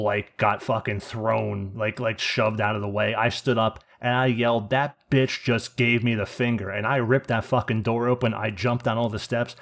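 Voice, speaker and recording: A man co-hosting a podcast, telling a story in an animated, profane rant and laughing as he goes. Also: lowish voice. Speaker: podcast co-host.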